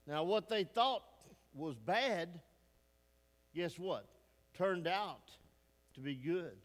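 A male pastor delivers a folksy, emphatic sermon, often turning to the congregation with questions. His voice sits high and he takes his time with every phrase. The sound carries a long reverb from the church sanctuary. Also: expressive, slow, pauses often.

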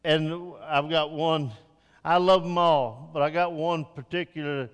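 A man's voice: on the high side, steady tone, measured pace, clean tone. An older man preaching a folksy, rambling sermon in a church, building to emphatic exhortation. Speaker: pastor. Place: church sanctuary. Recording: reverberant church hall.

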